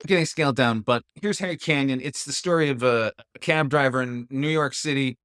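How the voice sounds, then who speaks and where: A man co-hosting a podcast in casual chat, rambling and breaking into loud exclamations. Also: medium pitch, fairly quick, smooth, no echo, studio quality. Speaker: podcast co-host.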